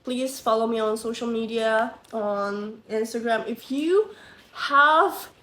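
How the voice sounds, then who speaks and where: Young woman vlogger, high voice, unhurried profane storytelling, echoey room. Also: a little hiss or hum. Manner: candid, profane, animated retelling. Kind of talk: casual storytime monologue.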